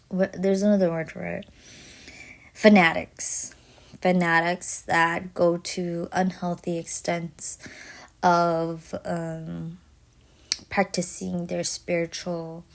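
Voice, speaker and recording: A young woman talks slowly and reflectively on her own podcast, pausing often as she thinks things through. Her voice sits a little low and carries a gravelly fry. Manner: reflective, thinking aloud with many pauses. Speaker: podcast host. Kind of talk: casual solo podcast talk.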